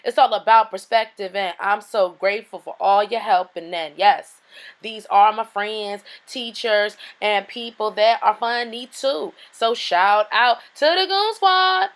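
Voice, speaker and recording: A woman's voice: mid-range voice, unhurried, a bit bright. A woman comedian gushing and playful as she thanks her audience and talks with them. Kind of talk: comedy special banter. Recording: noisy background.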